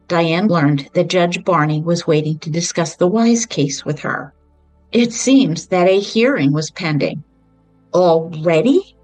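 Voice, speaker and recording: Low-voiced woman retelling a true-crime story. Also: darkish tone, dry recording, low-quality recording. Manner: measured storytelling with brief personal asides. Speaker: podcast host.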